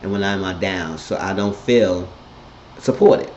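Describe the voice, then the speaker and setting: A man recapping a TV episode in a casual monologue, blunt and profane, telling it with animated energy. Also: low-pitched, normal speed, a little hiss or hum. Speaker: TV episode reviewer. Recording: echoey, dull lo-fi room sound.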